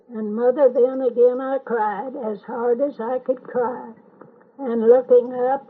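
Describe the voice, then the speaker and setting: An older woman reciting a long poem from memory in a slow, measured, sing-song way. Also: on the high side, husky. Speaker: family elder reciting a poem. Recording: tinny lo-fi home tape recording.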